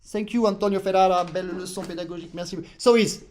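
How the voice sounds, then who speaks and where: Playful accordion teacher. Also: male voice, high-pitched, fairly even intonation, very fast, over loud music. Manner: playful, teasing, sings phrases aloud. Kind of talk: live online lesson chat.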